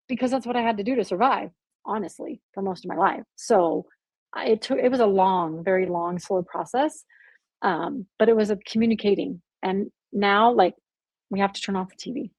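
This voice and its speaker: A woman's voice: mid-range voice, moderate pace, a little mellow, slightly rough, dry recording. A woman guest on a faith podcast, telling her story earnestly and animatedly, with lots of "like" in her speech. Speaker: podcast guest, abuse survivor. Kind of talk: candid faith podcast conversation.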